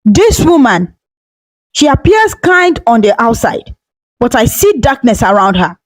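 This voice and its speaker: A woman's voice: on the high side, sing-song, a little slow, no echo, poor audio. A woman voicing a confident middle-aged male prophet who speaks with grave authority. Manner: grave, commanding pronouncements.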